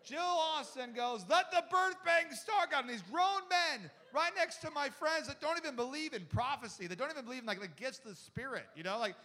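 A pastor tells a funny story from the pulpit, his high male voice bright and sharp. He talks in a chatty, animated way, full of restarts, and acts out the people in his tale. A long reverb from a large hall trails after his words. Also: fairly quick, hardly any pauses. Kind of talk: humorous sermon storytelling.

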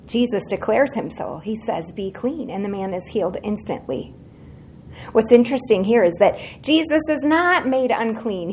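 A woman's voice: mid-range voice, slight background noise. Earnest woman teaching a Bible lesson. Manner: earnest, slow, emphatic phrasing with soft asides.

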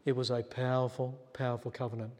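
A man's voice: mid-range voice, flat delivery, quick pace, a little mellow. A male pastor, telling a story in a sermon and acting out the quotes in a chatty way. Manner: chatty, acts out quotes, laughs at himself. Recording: long church reverb.

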